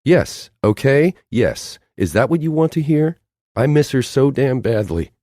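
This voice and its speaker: A man's voice: sits low, big pitch swings, a little mellow, no echo, clean studio sound, pitched above the performer's own voice, exaggerated voice. A man voicing a stubborn young woman in an audiobook, swinging between fierce outbursts and tears. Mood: tearful. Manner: emotional, quick-tempered outbursts. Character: fiery, stubborn young woman, tearful and defiant.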